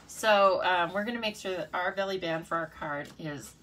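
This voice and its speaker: A woman's voice: lowish voice, normal speed, a bit bright, a little hiss or hum. A woman demonstrating card-making in a casual live tutorial, chatty and playful, talking to herself and her viewers. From United States.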